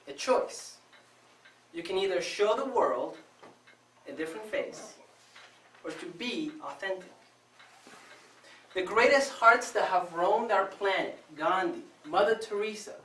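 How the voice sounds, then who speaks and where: A man from Venezuela giving a prepared contest speech to a live audience, telling his story with expressive, dramatic pauses. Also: high voice. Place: club meeting room before a live audience. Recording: echoey room, distant mic, faint noise.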